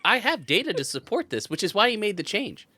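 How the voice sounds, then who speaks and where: A woman's voice: mid-range voice, very animated, brisk, pushed and bright, dry recording. A nervous, loyal male aide, as a woman plays him at a tabletop game. He stammers and defers to his master. The voice sits mid-range and sounds dry and close. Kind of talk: tabletop role-play.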